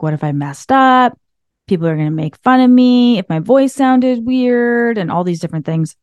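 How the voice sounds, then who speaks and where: A woman's voice: fairly low pitch, a little mellow, smooth, dry recording. Chatty woman podcaster, dry close sound. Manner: chatty, laughs often, filler "like". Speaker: podcast host. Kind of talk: casual motivational monologue. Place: small room behind a desk. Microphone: desk microphone.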